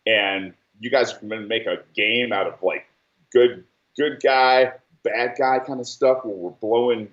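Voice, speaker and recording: A man's voice: medium pitch, steady tone, unhurried, a bit bright. Roomy, distant man telling heated stories. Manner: heated, profane storytelling with exaggerated quotes. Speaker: podcast host, military veteran. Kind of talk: casual chat. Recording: roomy, distant, dull-sounding mic.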